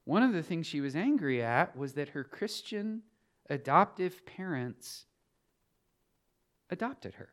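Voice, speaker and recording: A middle-aged man preaching a sermon as a pastor, moving from quiet storytelling to loud, emphatic preaching. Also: fairly high pitch, big pitch swings, a little slow, pauses often.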